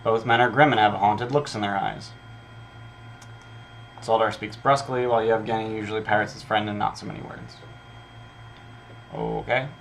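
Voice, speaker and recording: Man, game master, casual prep talk, reading notes aloud, filler-heavy, swears freely, fairly low pitch. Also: vocal fry, slight background noise. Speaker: game master prepping an adventure.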